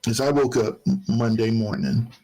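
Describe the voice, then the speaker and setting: A man's voice: mid-range voice, moderate pace, mellow, low-quality recording. A man hosting a casual talk show, speaking in a loose, rambling way with many fillers. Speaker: podcast host. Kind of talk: casual chat.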